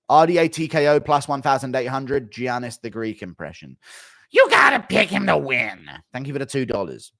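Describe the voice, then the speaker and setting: A man's voice: medium pitch, fairly bright tone, no room sound, clean studio sound. A man streaming, reading out donations in a blunt, profane, rambling way. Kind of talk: casual chat reading donations.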